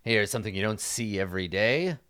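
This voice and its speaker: Male game master, lively pitch, chatty narration with many fillers. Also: brisk, smooth, no room sound, studio quality. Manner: animated, full of 'like' fillers.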